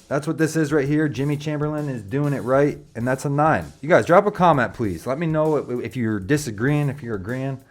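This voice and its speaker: A young man, rating drum kits in casual, joking chat, swearing freely and calling listeners brother. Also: mid-range voice. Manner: joking, profane, slangy, calls viewers brother.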